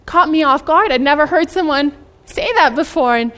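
A woman preaching a sermon in an earnest way, asking her listeners questions and slowing down to stress scripture. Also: sits high, expressive, pushed and bright. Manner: slows down for emphasis on scripture.

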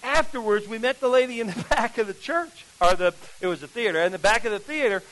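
High-voiced preacher telling a lively story. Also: male voice, fast talker, poor audio. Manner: animated, acts out the voices of people in his story. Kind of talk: storytelling sermon.

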